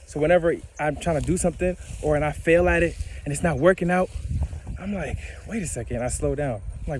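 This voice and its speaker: A man giving a casual spiritual monologue outdoors, slow and emphatic, repeating phrases and laughing at himself. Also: fairly high pitch, darkish tone, slight background noise. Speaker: spiritual vlogger.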